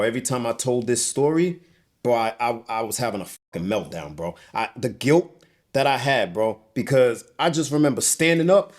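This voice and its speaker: A man's voice: medium pitch, a little mellow. Agitated young man, swearing. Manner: agitated, profane, repeats "bro". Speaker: interview guest. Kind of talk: emotional storytelling. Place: indoors on a couch.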